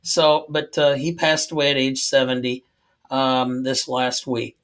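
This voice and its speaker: A man's voice: medium pitch, level tone, a little slow, fairly bright tone, smooth, poor audio. A man co-hosting a podcast about movies, talking casually and rambling with filler words. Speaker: podcast co-host. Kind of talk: casual film discussion.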